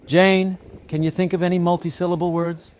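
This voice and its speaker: A man's voice: high voice, flat delivery, brisk, darkish tone, clear, resonant tone, pitched above the performer's own voice, close to an everyday voice. A man doing a cheery schoolteacher. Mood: encouraging. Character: cheery female schoolteacher, trying to keep her cool.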